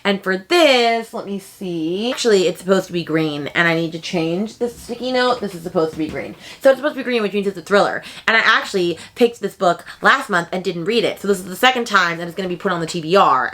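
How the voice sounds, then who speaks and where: A young woman book vlogger chatting casually at home, excitable and quick to jump up high in pitch when she reacts. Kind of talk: casual chat.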